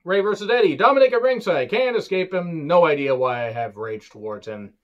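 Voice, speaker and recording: A man's voice: a little high, expressive, brisk, lo-fi sound. A man giving a casual, opinionated review, ranting, swearing and joking sarcastically, with sudden bursts of emphasis. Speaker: wrestling reviewer.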